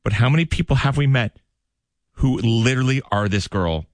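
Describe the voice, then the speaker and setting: A male radio host chatting casually in the studio and telling stories in an animated way. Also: mid-range voice, moderate pace, dry recording. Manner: animated storyteller, acts out quotes.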